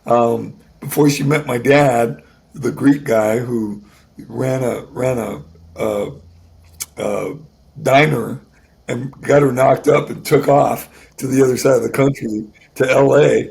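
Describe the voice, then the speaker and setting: A man in his sixties, a guest, telling an emotional personal story in a halting way, often restarting and repeating words. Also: medium pitch, steady tone, gravelly, darkish tone. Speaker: guest musician.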